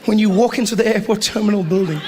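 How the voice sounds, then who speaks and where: A male stand-up comedian with a slightly high voice. He tells his stories with animation, repeating lines for effect, and faint noise sits under him. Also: fast talker. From South Africa.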